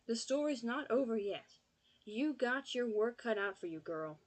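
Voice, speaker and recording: A woman's voice: on the high side, expressive, unhurried, voice pushed up. A woman voicing an anxious middle-aged woman talking urgently on the phone.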